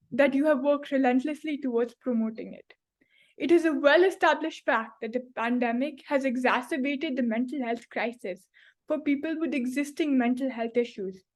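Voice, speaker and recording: A woman interviewer and poet, reading a prepared, formal question to her guest. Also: sits high.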